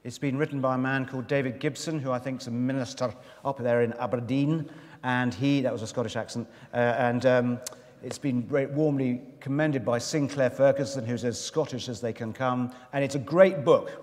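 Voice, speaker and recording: Male preacher, mid-pitched, conversational and wry, church reverb. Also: steady tone, normal speed, darkish tone. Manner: chatty and self-deprecating, with asides to the congregation. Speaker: visiting preacher. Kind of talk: sermon. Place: church in London.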